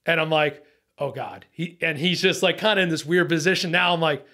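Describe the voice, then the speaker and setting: Guesting on a podcast, a middle-aged man with a slightly high voice briskly tells about a day of fishing. His boat-captain way of talking comes with free swearing and acted-out lines of his own, and the excited, tense account is broken up by laughter in casual, animated chat.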